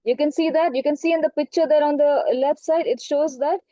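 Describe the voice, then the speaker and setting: A woman's voice: high-pitched, steady tone, brisk, warm tone, no echo, highs cut off. A woman teacher with an Indian English accent telling a story to an online class and often checking in with questions. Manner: interactive, asks the class questions. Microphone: online class audio.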